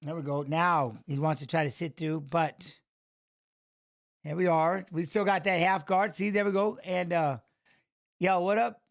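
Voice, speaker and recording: A man's voice: fairly high pitch, fairly even intonation, a little slow, creaky. A man hosting a fight watch-along, mixing blunt, profane life stories with casual live commentary.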